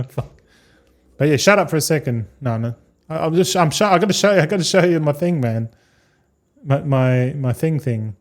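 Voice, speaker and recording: A man's voice: fairly high pitch, lively intonation, moderate pace. An Australian man live-streaming a game, chatting casually and rambling, with frequent swearing and matey slang.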